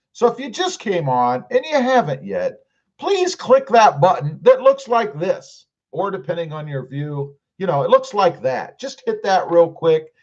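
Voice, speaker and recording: A man's voice: high-pitched, big pitch swings, unhurried, highs cut off. A middle-aged man hosting a casual live stream, reading viewer comments aloud and answering them with jokes. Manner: chatty, jokey, reads comments aloud. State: clearing his throat.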